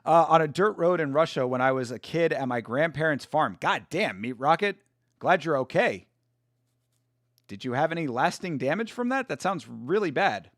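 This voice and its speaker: A man's voice: fairly high pitch, expressive, moderate pace, fairly bright tone, dry recording, clean studio sound. A man hosting a casual live stream, chatting with viewers, laughing often and apologizing for it. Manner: laughs a lot and keeps apologizing. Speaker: livestream host.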